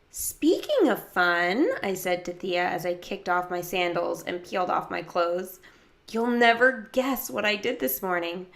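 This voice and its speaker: A woman narrating a children's book in the first person, lively, jumping up to higher pitch for other characters' lines. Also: creaky. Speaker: audiobook reader.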